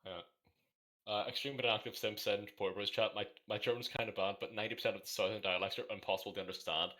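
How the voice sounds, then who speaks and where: A speaker from Northern Ireland in a casual podcast chat, lively and incredulous. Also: sits low, fast.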